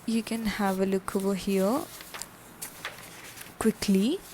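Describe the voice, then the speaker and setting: A woman's voice: medium pitch, fairly even intonation, slow pace, dark tone, a little hiss or hum. A woman teaching a French lesson, repeating each word, spelling it out letter by letter and checking in with "okay?" again and again. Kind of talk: slow explanatory language lesson.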